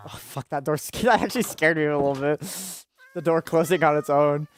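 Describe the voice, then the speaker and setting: A man's voice: fairly high pitch, a little fast. A young man giving casual, laid-back commentary while playing a video game, laughing often and tripping over words, recorded on a desk mic. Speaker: gaming channel host. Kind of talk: casual let's-play commentary.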